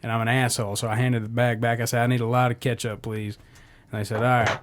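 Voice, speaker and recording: A man at a middle pitch, ranting profanely on a casual comedy podcast. He tells his story in a loose, cursing, conversational way. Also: level tone, fast talker, noisy background. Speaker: podcast co-host.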